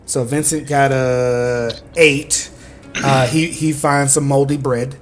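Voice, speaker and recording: A man's voice: medium pitch, steady tone, slow, faint music behind. A man running a tabletop game as game master, narrating in a rambling way full of fillers.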